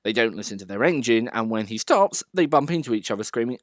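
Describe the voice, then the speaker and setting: A man reading a children's storybook aloud as the narrator, in an expressive way. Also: mid-range voice, quick pace, no room sound, studio quality.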